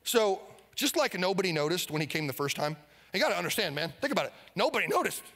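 A male pastor preaching an energetic sermon, leading the congregation in call-and-response. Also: high voice, quick pace, in a large hall. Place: church sanctuary.

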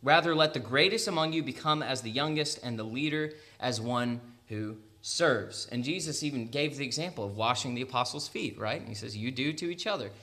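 Young american guy preaching, bright tense voice, chatty with lots of little laughs. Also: mid-range voice. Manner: conversational, laughs often, quick asides and restarts. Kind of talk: sermon.

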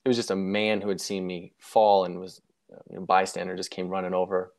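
A man's voice: low voice, little pitch movement, fairly quick, gravelly. A young man telling a personal story in a casual interview, reflective and rambling, often correcting himself mid-sentence. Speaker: guest sharing a near-death story.

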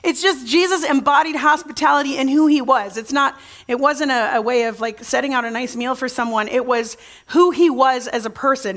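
Chatty woman pastor, fairly high voice. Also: a bit bright. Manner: chatty storytelling with frequent restarts, addresses the congregation directly. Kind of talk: conversational sermon. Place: church.

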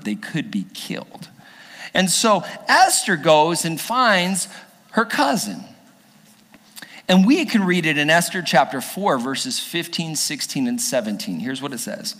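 A man's voice: high voice, bright, forceful tone. A male pastor giving a humorous, storytelling sermon in a church. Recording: echoey church hall.

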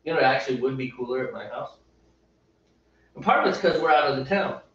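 A middle-aged man hosting a casual homebrew livestream, chatting in a rambling, animated way. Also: medium pitch, quick pace. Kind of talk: casual chat. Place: home brewing spot. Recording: echoey, distant, dull room audio.

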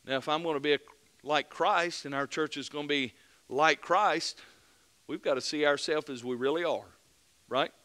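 A man preaching a fervent mid-week sermon as pastor, building to loud emphatic peaks and dropping back to earnest plain talk. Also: a little high, normal speed. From United States.

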